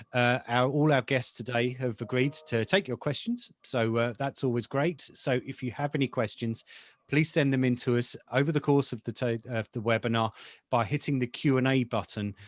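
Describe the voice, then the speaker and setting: A man's voice: medium pitch, no room sound. A man hosting a business webinar on a video call, chatty and loose, with frequent fillers. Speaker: webinar host, editor-in-chief.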